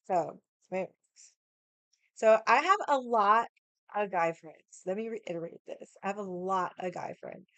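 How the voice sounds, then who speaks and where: A young woman tells a long story at home with a drink in hand, wandering off topic and cursing freely. Her voice is smooth and clear. It is recorded close and dry. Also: fairly low pitch, no echo. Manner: swears freely, drifts into tangents; drinking while chatting. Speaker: vlogger. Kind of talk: casual storytelling.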